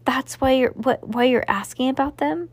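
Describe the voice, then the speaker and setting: A woman reading aloud, voicing an eager, talkative know-it-all boy with an excited, quick delivery in a storybook. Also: sits high, no room sound, voice pushed up.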